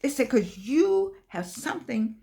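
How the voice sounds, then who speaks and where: An older woman giving an inspirational talk, telling stories in an animated, preacher-like way and repeating her phrases for effect. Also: sits high, measured pace, gravelly. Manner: animated preacher-like storytelling with repetition. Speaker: host.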